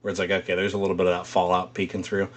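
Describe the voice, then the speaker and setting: A man with a lowish voice co-hosts a podcast in relaxed, rambling talk. He swears freely and laughs often, speaking into a podcast mic. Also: very fast. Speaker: podcast co-host. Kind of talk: casual chat.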